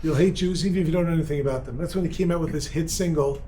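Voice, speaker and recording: A rabbi with a high voice delivers an energetic, joking lecture at a seminar. He bounces between points and banters with the audience in the room. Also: very fast, slight background noise. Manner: energetic, joking, talks with the crowd. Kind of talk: lively seminar talk to a live audience.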